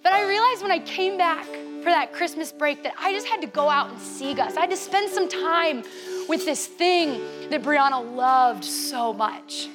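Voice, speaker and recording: A young woman youth leader telling a lively, chatty story to a youth group, playful and teasing. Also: sits high, unhurried, music in the background.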